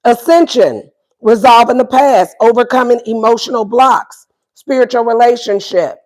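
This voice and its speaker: A woman's voice: on the high side, moderate pace, darkish tone. A woman doing a casual livestream tarot reading, playful and profane, repeating her questions to the viewers. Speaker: tarot reader.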